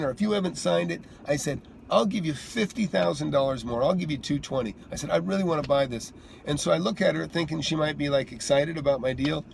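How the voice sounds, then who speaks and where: A man's voice: fairly high pitch, gravelly. A middle-aged man, a real estate investor hosting his own channel, telling a story in a casual, chatty way while driving, often restarting and acting out what people said. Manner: chatty, repeats and restarts, acts out quoted lines. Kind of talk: casual roadside vlog storytelling. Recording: light road noise from vehicle.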